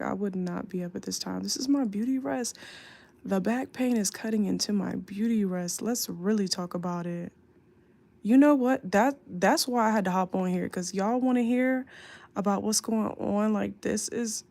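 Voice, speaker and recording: Young woman, worn out and aching, drawling late-night livestream chat into her phone, with a gravelly edge. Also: medium pitch, mellow. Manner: slow, tired, drawling talk with lots of fillers. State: sleepy and in back pain. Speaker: flight attendant livestreamer. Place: home at night. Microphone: phone mic, off screen.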